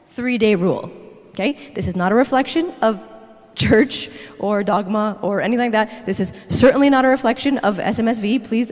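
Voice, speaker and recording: A woman giving a lively, chatty church talk, constantly checking in with her listeners with "okay?". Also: on the high side. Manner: animated, chatty, tags "okay?" after every point. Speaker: guest speaker. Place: church sanctuary. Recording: echoey church hall.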